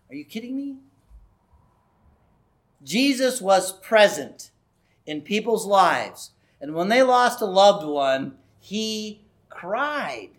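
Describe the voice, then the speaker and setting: A man's voice: sits high, big pitch swings, takes it slowly. A middle-aged male pastor giving an earnest, conversational sermon that builds to raised emphasis.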